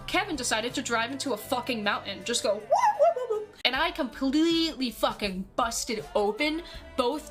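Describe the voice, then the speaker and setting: A young woman streamer tells a story to her chat in a casual way, animated and swearing nonstop. Her voice is fairly high, and she acts out the quotes as she goes.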